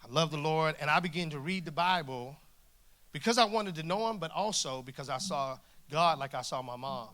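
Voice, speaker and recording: A man in his forties delivers a humorous sermon from a church stage, his voice bright and forceful and sitting a little high for a man. He tells his stories with lively, jokey energy, acting out the dialogue as he goes. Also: normal speed. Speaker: guest preacher. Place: church stage before a congregation.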